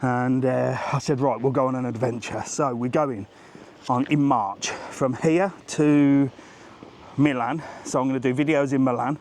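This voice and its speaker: A man's voice: mid-range voice, fairly even intonation, a little slow, a little mellow, a little hiss or hum. A man in his forties hosting a casual live travel vlog while walking along an outdoor seaside promenade. He talks in a chatty, rambling, jokey way. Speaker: travel vlogger host.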